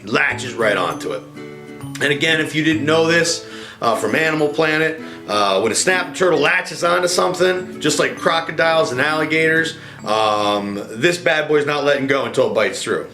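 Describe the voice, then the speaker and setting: A man's voice: fairly high pitch, normal speed. A man casually telling a story from his childhood, rambling with lots of fillers. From rural farm upbringing. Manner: relaxed, rambling, many fillers. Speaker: storyteller host. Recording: roomy echo with guitar music behind.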